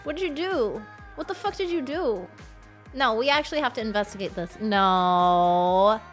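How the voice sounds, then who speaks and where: A woman streamer chatting casually with her viewers. She is excitable, swears often and shrieks when she thanks people for gifts. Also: fairly high pitch, unhurried, faint music behind. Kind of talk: casual livestream chat.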